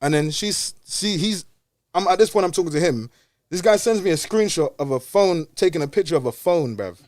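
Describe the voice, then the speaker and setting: A man rattles through a story at speed, his voice sitting high. He talks in loose street slang, swears freely and keeps the telling animated, as casual podcast chat. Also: fairly quick, no room sound, clean studio sound.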